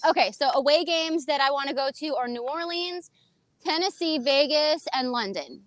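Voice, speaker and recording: A woman's voice: high voice, normal speed, fairly bright tone. A woman guesting on a sports podcast, chatting casually, bubbly and full of "like". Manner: bubbly, peppered with "like", laughs easily. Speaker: guest co-host, fan club leader.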